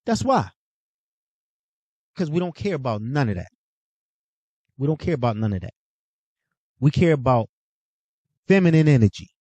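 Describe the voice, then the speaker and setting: A man's voice: medium pitch, sing-song, normal speed, pauses often, a little mellow, dry recording. A young adult man hosting his own show, lecturing in a blunt, profane, casual way. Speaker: host. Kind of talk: casual monologue.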